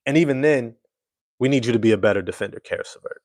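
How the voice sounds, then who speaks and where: A man's voice: medium pitch, quick pace, darkish tone, no room sound, clean studio sound. A man hosting casual live-stream sports commentary, emphatic and slangy, repeating his points.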